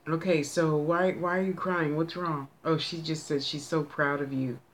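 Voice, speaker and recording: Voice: mid-range voice, steady tone, normal speed, slight background noise. A psychic medium doing a casual live reading, chatting aloud with spirits in a folksy, bossy manner and stretching words out.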